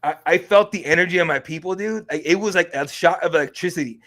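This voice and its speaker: Excitable, profane man telling stories. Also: on the high side, quick pace. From Mexican heritage. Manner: profane, excitable, animated storytelling. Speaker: MMA podcast host and reporter. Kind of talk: casual storytelling chat.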